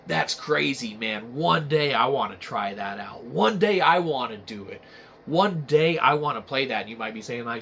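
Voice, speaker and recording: A man's voice: medium pitch, expressive, normal speed, creaky, a bit bright, slight background noise. A man hosting a comedy show, ranting crudely and rambling with lots of swearing. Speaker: show host. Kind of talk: profane comedic rant.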